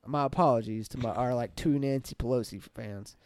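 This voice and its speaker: A man with a Southern country accent, co-hosting a casual podcast chat, talking in an animated, profane and sarcastic way. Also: mid-range voice, a little fast, no echo. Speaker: podcast co-host.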